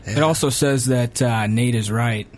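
A man's voice: medium pitch, unhurried, a loud crowd. A man on a quiz panel, giving short, dry guesses. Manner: brief, dry answers. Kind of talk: casual quiz banter.

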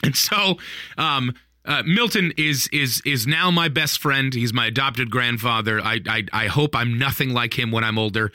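A married man casually telling a funny story on a podcast, animated, laughing often, with plenty of fillers. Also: medium pitch, normal speed, dry recording, clean studio sound. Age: adult, married. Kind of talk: casual chat.

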